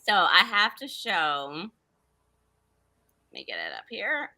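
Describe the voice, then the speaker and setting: A woman co-hosting a chat over a video call, making quick, chatty asides. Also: medium pitch, huge pitch swings, pushed and bright, no echo. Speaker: co-host.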